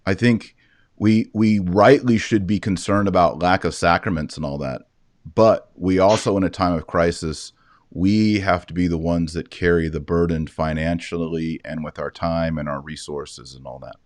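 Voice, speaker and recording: A man hosting a podcast in a casual interview, giving brief affirming replies in a calm way. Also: low voice, moderate pace, dry recording, clean studio sound. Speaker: podcast host.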